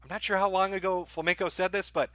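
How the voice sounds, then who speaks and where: A man's voice: high voice, fairly even intonation, fast talker, sharp tone, no room sound. A man hosting a livestream, reading viewer donation messages aloud in a dry, offhand way with crude, irreverent humor and frequent filler sounds. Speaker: livestream host.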